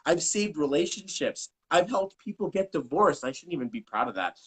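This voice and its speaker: A man speaking as a numerology coach in a casual live-stream interview, talking in an animated way, cursing and acting out what people said. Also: a little high, normal speed, husky, low-quality recording. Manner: animated, swears, acts out quotes. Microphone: video call.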